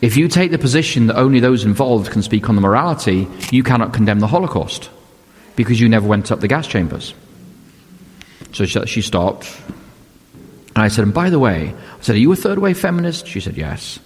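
A man's voice: fairly low pitch, lively intonation, a little fast. An older man preaching a sermon as a pastor, telling stories and asking rhetorical questions in a conversational way. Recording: long hall reverb.

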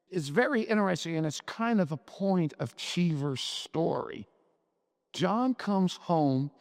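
Gravelly, slow-talking man retelling a story. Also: high voice, long reverb tail. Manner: conversational, thoughtful retelling. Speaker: story discussant. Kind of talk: retelling and reading a short story.

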